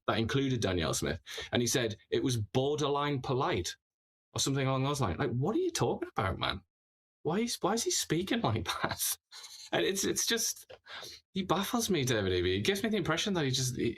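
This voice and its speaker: A man's voice: mid-range voice, husky. A man hosting casual political commentary, talking in a sarcastic, mocking way.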